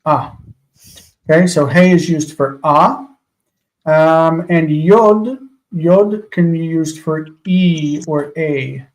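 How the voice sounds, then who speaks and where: Patient man sounding out words slowly. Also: fairly high pitch, rough recording. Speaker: Hebrew teacher. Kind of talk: live online class teaching.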